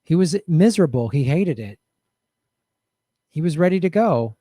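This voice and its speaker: Man host, middle-aged, losing his voice, loose rambling live-stream chat, fairly high voice, dry close sound. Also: expressive, normal speed, warm tone, no echo. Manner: loose, rambling and upbeat, with many fillers.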